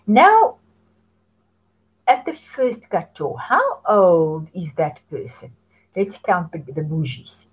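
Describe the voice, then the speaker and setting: A woman's voice: on the low side, wildly swooping pitch, breathy edge, poor audio. A woman teaching French to young children, patiently modelling phrases for them to repeat. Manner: slow, patient, sing-song prompting for repetition. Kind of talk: children's language lesson.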